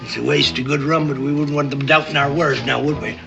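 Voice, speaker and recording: A man's voice: mid-range voice, steady tone, fairly quick, creaky, close to an everyday voice. An actor playing a grizzled, crafty old male sea captain who talks in salty sailor slang and blusters. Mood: scheming, gruff. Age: older. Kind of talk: 1960s TV drama acting. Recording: muffled old TV soundtrack with music.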